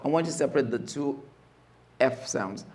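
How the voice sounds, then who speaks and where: A man teaching Arabic letters in a mosque class, slowly drilling each sound and repeating the spelling emphatically. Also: mid-range voice, expressive, a little mellow, slight background noise. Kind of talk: classroom lesson.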